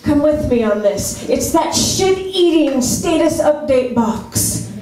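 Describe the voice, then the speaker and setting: A woman comedian performing a wry stand-up set on a club stage, building to loud punchlines. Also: sits high, expressive, slow. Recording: echoey club room with crowd laughter. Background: audience laughing.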